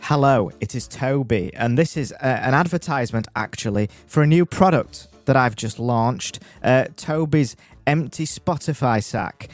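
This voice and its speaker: A man's voice: mid-range voice, normal speed, soft background music. A male podcast co-host doing a playful, teasing mock advert, often stammering and restarting.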